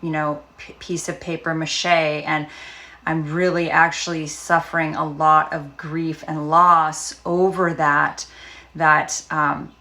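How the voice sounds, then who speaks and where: A woman speaking as a trauma recovery coach, talking casually and gently with frequent fillers and pauses. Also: deep voice, flat delivery. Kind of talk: casual self-help talk.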